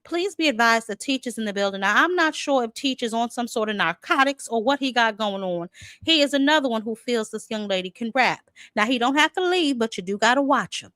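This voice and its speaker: A woman's voice: a little high, bright, forceful tone, no echo. A chatty woman hosts a boxing live stream and banters with her viewers, greeting them by name and teasing them. She talks with lots of fillers and restarts. The recording is dry and close, with almost no room sound. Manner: filler-heavy with many restarts. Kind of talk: casual live stream commentary.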